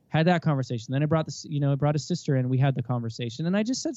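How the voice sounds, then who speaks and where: A man in his thirties talks earnestly as an interview guest, acting out bits of dialogue as he goes. His voice sits a little high but has a dark, mellow tone. The sound is dry and a touch dull. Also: rapid-fire, hardly any pauses, no echo. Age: 30s. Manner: earnest, animated, acts out quoted dialogue. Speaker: podcast guest. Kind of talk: casual interview talk.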